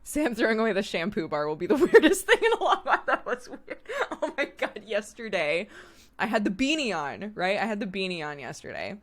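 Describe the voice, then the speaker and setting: A woman's voice: mid-range voice, big pitch swings, brisk. A woman streamer chatting casually, telling stories with frequent laughter and casual swearing. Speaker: streamer host. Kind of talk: casual chat.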